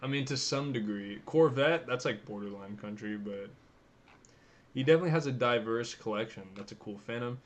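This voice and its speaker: Young male vlogger, mid-pitched, casual and profane, thinks aloud as he clicks around. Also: brisk. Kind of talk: casual commentary while browsing the web.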